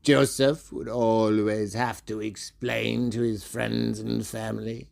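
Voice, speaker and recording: Slow, creaky and flat in delivery, a man tells a story as a dramatic monologue. He still moves between bright sing-song and low sneering tones, and calls out to imagined listeners by name.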